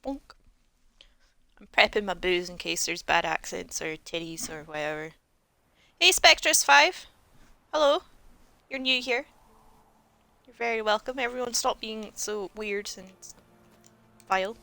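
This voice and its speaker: Snarky sweary woman streaming a game, bright voice. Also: mid-range voice, normal speed, long pauses, no room sound. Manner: sarcastic, swearing and joking. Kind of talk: casual gameplay commentary.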